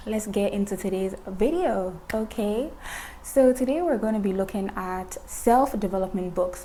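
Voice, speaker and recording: Brief: young woman vlogger, chatty and emphatic, mid-pitched voice, faint hiss behind. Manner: chatty, repeats words for emphasis, laughs at own jokes. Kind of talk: casual chat to camera.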